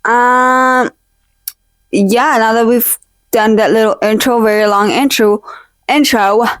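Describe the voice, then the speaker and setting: A young woman chats casually into a close mic at home, rambling with lots of fillers and playful fake-outs. Her voice sits a little high. The sound is dry, with almost no room echo. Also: fairly even intonation, takes it slowly. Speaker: vlogger. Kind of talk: casual chat. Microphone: own desk mic, held close.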